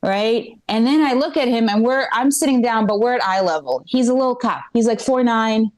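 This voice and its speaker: Comedian lady from ukraine rambling thru a story on stage, kinda high voice, keeps asking the crowd stuff. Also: lively intonation, moderate pace, a little mellow. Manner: chatty, rambling, checks in with the crowd. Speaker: stand-up comedian. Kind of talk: live stand-up storytelling. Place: small comedy club stage.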